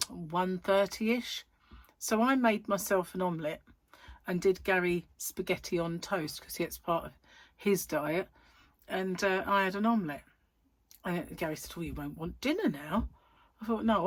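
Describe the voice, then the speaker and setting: A woman's voice: fairly low pitch, dry recording. A middle-aged woman chatting casually to camera, rambling and giggly as she tells stories, tired and yawning. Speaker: vlogger.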